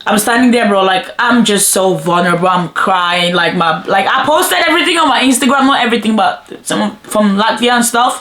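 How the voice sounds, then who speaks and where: A woman of twenty telling a personal story in a chatty, animated vlog style, often addressing viewers as "bro" and "guys". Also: medium pitch, fairly quick, few pauses, echoey room. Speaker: vlogger.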